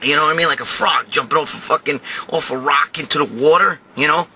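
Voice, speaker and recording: Middle-aged guy ranting a crude story, high voice, swears nonstop, bit of room noise. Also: quick pace, hardly any pauses. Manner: loud, crude, swears constantly, shouts in bursts. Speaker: host. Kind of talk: profane storytelling rant to camera.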